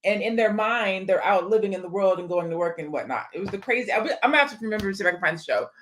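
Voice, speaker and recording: A woman co-hosting a casual chat, conversational and relaxed, closing out with announcements. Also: mid-range voice, rapid-fire. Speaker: co-host.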